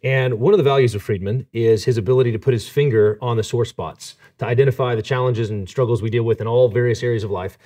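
A man hosting a conversation and retelling a fable in a relaxed, casual way. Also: medium pitch, fast talker, few pauses. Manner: relaxed, many fillers and restarts. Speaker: host and author.

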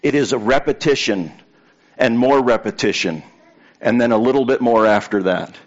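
A man's voice: mid-range voice, normal speed, lo-fi sound. A man preaching a sermon to a congregation in a conversational way, telling anecdotes and repeating key points for emphasis. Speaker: pastor.

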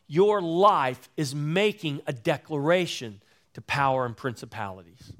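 A man preaching a sermon in a slow, emphatic way, repeating phrases for weight, his voice rising and then dropping low at the ends of phrases. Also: a bit bright. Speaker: pastor.

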